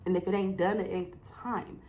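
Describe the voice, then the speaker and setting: A woman's voice: lowish voice, little pitch movement, fairly quick, darkish tone, poor audio. A young adult woman hosting a solo podcast, talking emotionally and preachily and acting out her talks with God. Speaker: podcast host. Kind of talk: casual solo podcast talk.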